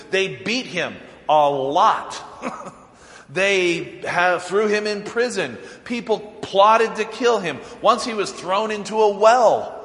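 A man preaching a sermon as a pastor, telling the story with animation, chuckling often and acting out the lines. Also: high-pitched. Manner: animated, chuckling storyteller who acts out quotes. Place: church sanctuary. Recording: echoey church hall.

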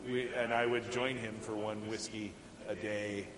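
With a fairly low voice that barely moves in pitch, a middle-aged pastor delivers a relaxed, chatty sermon at a measured pace, full of chuckles and fillers. He's in a church sanctuary, recorded in an echoey hall with background noise.

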